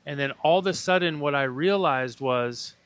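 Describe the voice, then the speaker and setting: A young man, a podcast guest and breathwork facilitator, telling a deeply personal story in a casual interview, earnest and swearing now and then. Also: moderate pace, fairly bright tone, smooth. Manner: earnest, swears casually, acts out his own inner voice.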